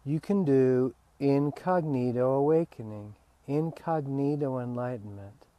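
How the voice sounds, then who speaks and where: A man, a spiritual teacher, giving a relaxed, candid talk and swearing freely. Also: medium pitch, a little slow, dry recording, lo-fi sound.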